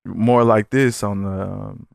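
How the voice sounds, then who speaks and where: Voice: low-pitched, takes it slowly, gravelly, no room sound, studio quality. A podcast host in casual comedic banter, asking questions and riffing on the story in slangy talk. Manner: animated, slangy, asks questions and riffs in put-on voices.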